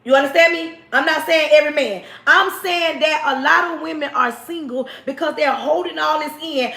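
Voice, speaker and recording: Woman, livestream host, preachy and emphatic, high-pitched, in a roomy space. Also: normal speed, vocal fry, few pauses. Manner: preachy, emphatic, scolding, often shouting. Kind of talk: relationship advice livestream. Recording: roomy echo.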